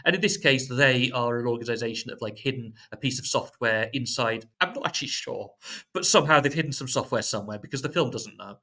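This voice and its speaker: A man who is a guest on a tech podcast, talking in a casual, animated way and making sarcastic jokes. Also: mid-range voice, quick pace. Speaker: podcast guest, software engineer.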